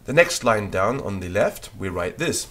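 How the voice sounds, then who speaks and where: Spelling each word letter by letter, a man leads a French lesson for beginners, dictating with slow patience. His voice sits on the low side, yet it's very animated and a little bright.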